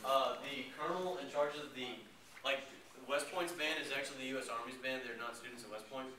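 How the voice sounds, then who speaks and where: A man's voice: medium pitch, steady tone, fairly quick. A young man telling a story casually and with amusement. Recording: echoey room, far from mic, noise.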